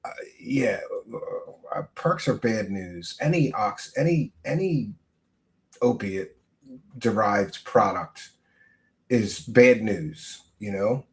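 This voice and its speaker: A man's voice: fairly low pitch, animated, slow pace. Mocking, laughing male livestream host. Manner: mocking, laughing, crude asides. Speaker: show host. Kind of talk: casual livestream commentary.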